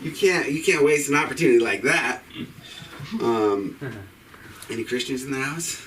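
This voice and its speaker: A man's voice: medium pitch, moderate pace, recorded from a distance, a loud crowd, rough recording. A man doing a rambling, irreverent stand-up set at an open mic, cursing freely. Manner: rambling, irreverent, profane delivery. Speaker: stand-up comedian. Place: comedy club stage.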